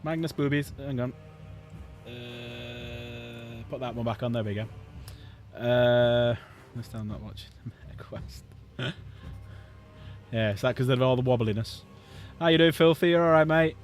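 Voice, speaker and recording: A man's voice: mid-range voice, steady tone, unhurried, long pauses, soft background music. A man hosting a livestream, chatting casually and jokily with his viewers while painting miniatures. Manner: chatty, jokey, talks to chat. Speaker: livestream host.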